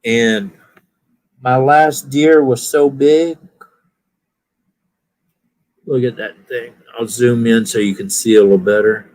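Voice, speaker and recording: A man's voice: mid-range voice, fairly even intonation, slow pace, long pauses, darkish tone. An older man with a mixed Southern and Californian accent, chatting casually in a rambling, self-correcting way. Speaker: viewer chatting on a live stream. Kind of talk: casual chat.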